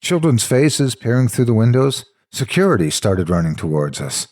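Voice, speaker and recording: A man's voice: mid-range voice, big pitch swings, normal speed, darkish tone. A man narrating a horror story in the first person, with a dramatic, intense delivery.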